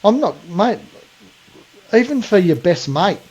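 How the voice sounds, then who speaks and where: A man's voice: high voice, sing-song, unhurried, a little mellow, breathy edge, low-quality recording. An Australian man co-hosting a podcast, talking bluntly in casual chat and calling people mate. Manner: blunt, ranting, says mate a lot. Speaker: podcast co-host.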